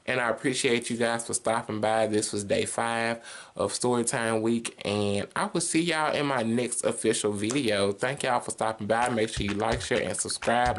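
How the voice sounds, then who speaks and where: A man in his twenties telling an animated, sassy, slang-filled story on his vlog. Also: mid-range voice, moderate pace, a little hiss or hum. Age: 20s. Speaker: vlogger. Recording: music playing behind the voice.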